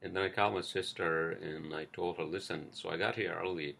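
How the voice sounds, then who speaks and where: A man's voice: sits low, steady tone, fairly quick, creaky, fairly bright tone, a little hiss or hum. A man hosting a casual solo podcast, rambling and swearing with lots of fillers, recorded at home on a cheap headset mic. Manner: rambling, profane, many fillers. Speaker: podcast host. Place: indoors at home, street traffic outside. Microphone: cheap headphones.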